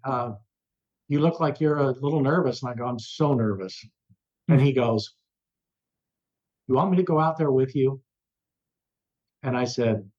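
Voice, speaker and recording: Animated male radio veteran telling stories. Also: mid-range voice, highs cut off. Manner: lively, acts out quoted voices. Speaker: rock radio personality, interview guest. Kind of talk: animated storytelling in an interview. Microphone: remote interview over the internet.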